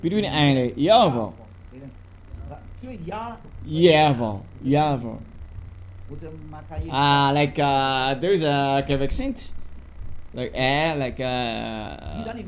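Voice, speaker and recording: A man preaching a teaching sermon in halting English, full of fillers and repeated words. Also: mid-range voice, animated.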